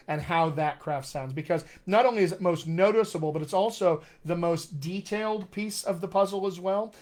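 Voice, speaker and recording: A man's voice: fairly high pitch, a little mellow. A middle-aged man, a dialect coach, teaching in a live online question-and-answer session, upbeat and encouraging as he speaks straight to his viewers.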